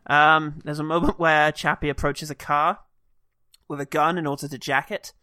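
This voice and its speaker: A man co-hosting a casual film review podcast, animated and quick to act out movie lines in funny voices. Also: fairly high pitch, clear, resonant tone, no echo, clean studio sound. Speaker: podcast co-host.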